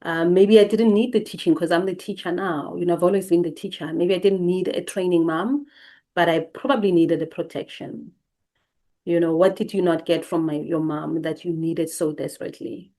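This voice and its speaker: Woman host, lowish voice, gentle reflective teaching delivery with repeated emphatic phrases. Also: fairly even intonation, normal speed. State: briefly emotional.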